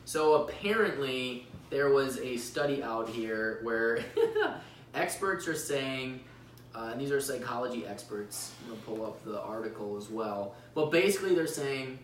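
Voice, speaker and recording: A podcast co-host with a medium-pitched, expressive voice chats casually and unhurriedly, dropping wry, sarcastic asides. The mic is set back in an echoey room, leaving a distant sound with faint hiss.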